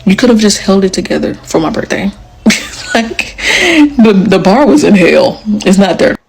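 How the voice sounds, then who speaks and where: A woman's voice: mid-range voice, expressive, normal speed, creaky, a little mellow, slight background noise, rough recording. A young adult woman casually telling a personal story, chatty and leaning on "like" as she acts out what people said. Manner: chatty, leans on "like", acts out quotes. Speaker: storyteller sharing a personal account.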